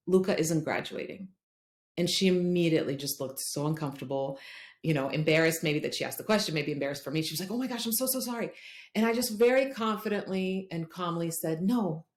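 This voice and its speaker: A middle-aged woman, a podcast guest, telling a personal story in an earnest, animated way and acting out the voices of other people. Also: mid-range voice. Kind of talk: conversational storytelling. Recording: roomy echo.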